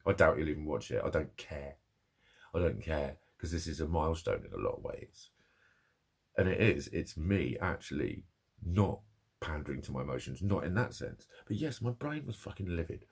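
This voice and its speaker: Husky, sweary man ranting. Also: low voice, expressive, moderate pace, a little mellow. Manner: sweary, agitated, repetitive. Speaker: vlogger. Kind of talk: angry personal rant to camera.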